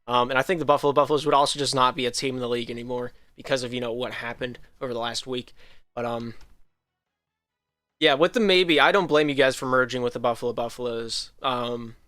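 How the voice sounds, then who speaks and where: Livestream host, male, slight Southern American drift, bright, dry close sound. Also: mid-range voice, fast talker, no room sound, faint music behind. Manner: rambling, frequent ums and restarts. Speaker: league host. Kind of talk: casual livestream talk.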